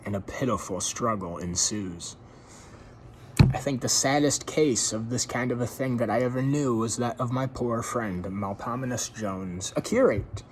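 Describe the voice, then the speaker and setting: A man's voice: medium pitch, moderate pace, noisy background. A man casually reading a story aloud, breaking off for chatty asides to his listeners. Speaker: story reader.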